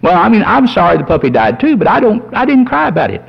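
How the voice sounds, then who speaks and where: A man preaching a sermon as a pastor, folksy and animated, telling humorous stories. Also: high voice, quick pace, creaky, a little hiss or hum. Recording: dull lo-fi sermon recording.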